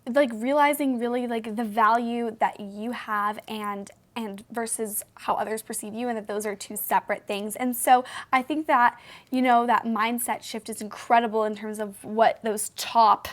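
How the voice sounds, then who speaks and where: A woman co-hosts a casual podcast interview. She speaks with a fairly high voice, sounding thoughtful and agreeable. She often uses "like" as she shapes her questions. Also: fairly even intonation, moderate pace. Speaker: podcast co-host.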